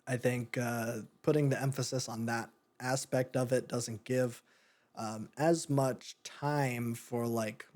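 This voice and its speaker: A young man talks through a film review in a loose, rambling way, full of ums, repeated words and side tangents. His voice sits at an ordinary middle pitch for a man, and he talks like a podcast host chatting with friends. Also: darkish tone. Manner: rambling, lots of fillers and restarts. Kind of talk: casual film review chat.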